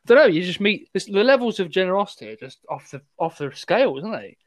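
A man's voice: sits high, very animated, fast. A man hosting a casual podcast chat, rambling with lots of fillers and laughter. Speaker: podcast host.

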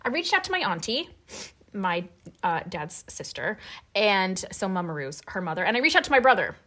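A woman co-host tells stories in a casual, animated way and laughs often. Her voice is bright and clear, and her pitch swings widely as she gets into a tale. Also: moderate pace. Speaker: podcast co-host. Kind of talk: casual chat, reading listener stories aloud.

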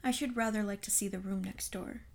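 A woman's voice: medium pitch, fairly even intonation, fairly quick, close to an everyday voice. A woman reading a fussy, precise old detective. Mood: calm, superior. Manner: precise, lightly sprinkled with French phrases. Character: fussy elderly male Belgian detective, calm, superior. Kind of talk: audiobook character reading.

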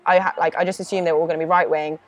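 A young woman from Oxford, chatting as a podcast guest with lots of fillers and lively quoted voices. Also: fairly low pitch, rapid-fire. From Oxford, England. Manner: chatty, many fillers, animated when quoting others. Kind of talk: casual chat. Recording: noisy recording with clicks.

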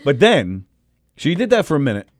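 A man co-hosting a talk radio show, his pitch bouncing lively up and down as he rambles through a story. He restarts his sentences often in loose, casual banter. The studio sound is dry and close. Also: brisk, dry recording. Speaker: radio comedy show co-host.

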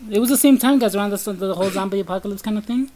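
A woman with a New York accent co-hosting a casual podcast, telling stories with lively emphasis and talking straight to listeners. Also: medium pitch, racing, rough recording. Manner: animated storytelling, addresses listeners as guys. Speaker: podcast co-host.

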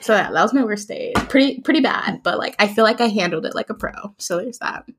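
A woman's voice: mid-range voice, lively intonation, fast, a bit bright, slight background noise. A young woman co-hosting a podcast, chatting casually and telling a story with frequent laughs. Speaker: podcast co-host. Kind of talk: casual chat.

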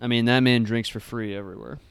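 A man's voice: medium pitch, steady tone, fast, vocal fry, smooth, no room sound. A man in casual chat, riffing, swearing and laughing often.

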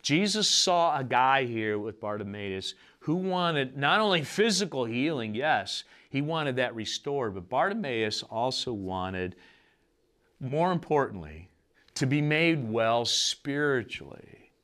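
A man's voice: medium pitch, very animated, slow pace, a bit bright. A man preaching a sermon in a conversational, storytelling way, acting out the quoted voices.

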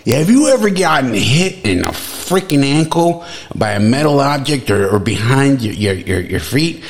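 A man giving mocking comedic commentary, heckling loudly with excited exclamations. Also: medium pitch, normal speed, a little hiss or hum. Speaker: comedy video host.

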